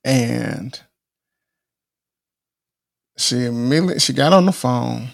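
A man's voice: mid-range voice, animated, normal speed, gravelly, long pauses. A middle-aged man hosting a podcast, giving earnest motivational advice in a casual, preachy way, often repeating himself and restarting phrases. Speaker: podcast host.

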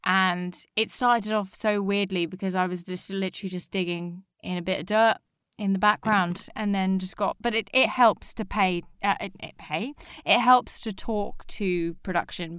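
A young woman in casual chat, telling a story with animated acted-out quotes. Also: mid-range voice, clean tone, no room sound, studio quality.

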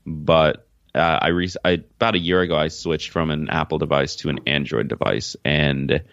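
A man's voice: a bass voice, steady tone, normal speed, vocal fry, fairly bright tone, no echo, highs cut off. A man from Jamaica, a podcast guest, answering questions in a frank, easygoing way. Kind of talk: casual interview answers.

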